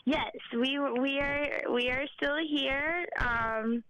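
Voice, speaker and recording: A woman's voice: high-pitched, fairly even intonation, slow pace, pushed and bright, no echo. A woman calling in to a radio show as a devoted fan, rambling fondly with lots of fillers. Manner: gushing, rambling, fillers and restarts. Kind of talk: phone-in chat. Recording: dull phone line.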